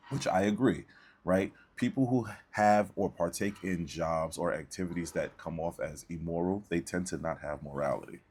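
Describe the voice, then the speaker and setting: A man with a very low, husky voice holds forth in a lecturing tone. He comments casually on a debate and keeps checking in with the listener between points. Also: normal speed, a little mellow. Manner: lecturing, preachy, repeats "right?". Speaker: commentator reacting to a debate clip.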